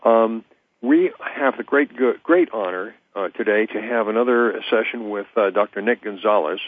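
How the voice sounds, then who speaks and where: A man hosting a health talk radio show, speaking haltingly with many fillers and restarts. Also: fairly low pitch. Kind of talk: hesitant talk radio interview. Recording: tinny phone-line sound.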